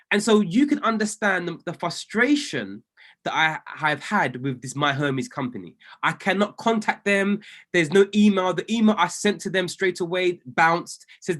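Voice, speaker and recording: A man gives a motivational talk to a room of traders, his pitch leaping and dipping all through. He leans on repetition and emphasis the way a preacher would, building each point as a story. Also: sing-song, moderate pace, a bit bright. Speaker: trading coach.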